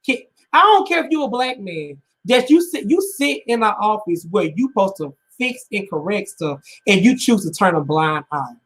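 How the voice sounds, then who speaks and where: A man's voice: sits high, a bit bright. A man co-hosting a talk show, speaking with raw emotion and close to tears, repeating himself as he builds to urgent pleas. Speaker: podcast co-host. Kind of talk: impassioned panel commentary.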